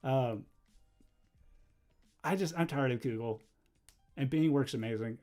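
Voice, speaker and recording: A young man chatting casually on a livestream while drawing, rambling and easily distracted, breaking into quick laughs. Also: mid-range voice, a little mellow, soft background music. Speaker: livestreamer and animator.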